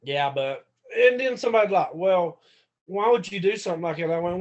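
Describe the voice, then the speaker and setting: A man, a former pro wrestler, telling stories as a podcast guest in a casual, profane, animated way that acts out the quotes. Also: sits high, a little fast. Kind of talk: casual storytelling.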